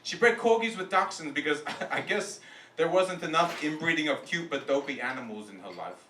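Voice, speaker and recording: A man roasts from a comedy club stage, loose and self-mocking. His voice sits fairly high and reaches the mic from a distance. The club sound is echoey and noisy. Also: lively intonation, normal speed, sharp tone. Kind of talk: live stand-up roast.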